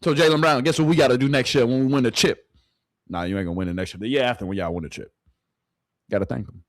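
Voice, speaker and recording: A man's voice: mid-range voice, fast talker, no echo, clean studio sound. Emphatic man ranting on a livestream. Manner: emphatic, repeats his points. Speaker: sports streamer. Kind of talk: casual livestream sports reaction.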